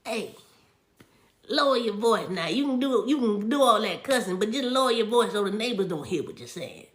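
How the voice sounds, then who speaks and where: Woman doing her easygoing old dad: mild, hushed, dry, in an echoey room. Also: lively intonation, moderate pace, close to an everyday voice. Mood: calm. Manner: low-key, mild, dry humor. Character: her father, a laid-back older man hushing her.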